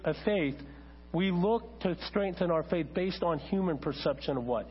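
A man preaching a sermon as a pastor, talking conversationally to his congregation and turning animated when he tells a story. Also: a little high, normal speed. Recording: dull lo-fi church recording with mains hum.

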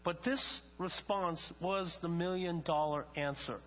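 A man's voice: on the high side, measured pace. An older man preaching a sermon, telling stories and acting out quotes with rising emphasis. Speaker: pastor. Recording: long reverb, dull lo-fi sound, faint mains hum.

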